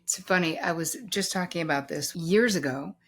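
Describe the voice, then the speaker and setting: A woman host chats casually and tells a candid, confessional story. Her voice sits slightly low and has a husky edge. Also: normal speed. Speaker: podcast host. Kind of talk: casual podcast conversation.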